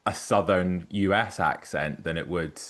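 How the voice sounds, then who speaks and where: Man, guest podcaster, low voice, wry, explanatory, casual chat. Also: a little slow, a bit bright. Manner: wry, explanatory, hedges with fillers.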